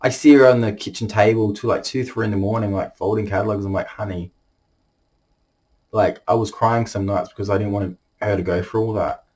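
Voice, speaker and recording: A young man telling a personal story to the camera, halting and emotional, holding back tears. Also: on the low side, fairly even intonation, darkish tone. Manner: halting, emotional, many restarts.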